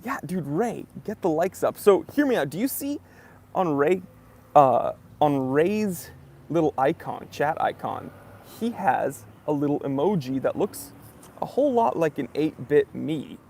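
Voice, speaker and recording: A man's voice: on the high side, big pitch swings, unhurried, darkish tone. A young man from New Hampshire hosting a casual live stream, chatting with viewers and greeting them by name. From southern New Hampshire.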